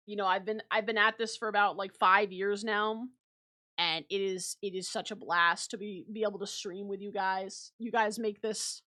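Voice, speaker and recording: A woman's voice: on the high side, fairly bright tone. Chatty young woman streamer. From a small remote place. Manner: rambling, grateful, many fillers and restarts. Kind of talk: casual stream sign-off chat.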